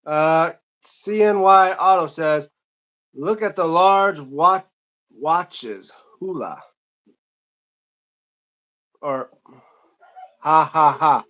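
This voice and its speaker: A man's voice: on the high side, very slow, long pauses, fairly bright tone, muffled recording. A young man from Michigan hosting an unscripted live stream, reading chat comments aloud and answering them in a rambling, casual way.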